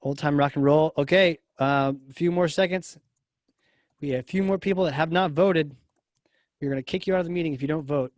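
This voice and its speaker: A man's voice: a little high, brisk, no room sound, clean studio sound. Joking male podcast host. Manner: relaxed and joking, lots of short agreements. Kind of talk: casual live show hosting.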